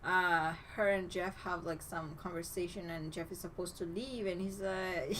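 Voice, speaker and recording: A woman's voice: fairly low pitch, fairly even intonation, normal speed, fairly bright tone, slight background noise, low-quality recording. A woman co-hosting a podcast, casually recapping a movie, laughing often and steering the story along. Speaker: podcast co-host.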